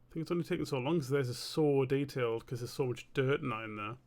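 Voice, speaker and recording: A man's voice: medium pitch, fast. A young man, thinking aloud in a casual, muttering way while he draws on a live stream. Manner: muttering to himself, self-questioning, relaxed.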